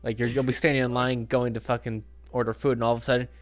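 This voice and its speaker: A man's voice: mid-range voice, level tone, fast, no room sound. A man hosting a let's play, chatting casually and sarcastically with heavy swearing. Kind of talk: casual gaming commentary.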